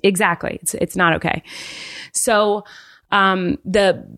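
A woman co-hosting a podcast, telling a story in a casual chat, with many "likes" and lively acted-out voices. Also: medium pitch, no echo, studio quality. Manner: animated storyteller, fast, lots of "like", acts out voices. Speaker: podcast co-host.

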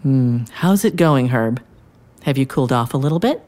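A woman voicing a gentle, wise man in a storybook tale, speaking calmly and coaxingly. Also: extremely low pitch, normal speed. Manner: calm, coaxing. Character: gentle wise male peacemaker.

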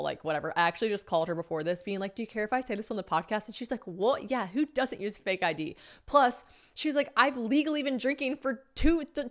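A woman in her twenties from the United States hosts a solo podcast, telling stories casually, swearing freely and acting out other people's lines. Her voice is lowish with a fairly bright tone.

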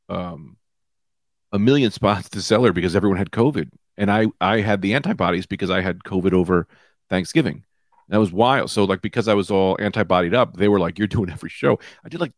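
A man in his thirties hosting his own comedy podcast, high and rambling loosely from one tangent to the next. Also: dry recording, clean studio sound. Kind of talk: casual comedic monologue. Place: small room with lights out.

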